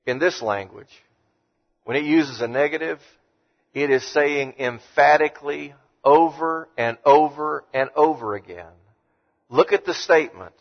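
A man delivers a sermon in an emphatic preaching voice, slowing to read scripture. His voice sits a little high, and the sound is muffled and lo-fi with a long hall reverb trailing behind him.

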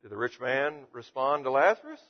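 In a muffled recording, a male preacher with a medium-pitched, sing-song voice moves at a moderate pace through Scripture. His manner is conversational: he reads each verse, then explains and paraphrases it.

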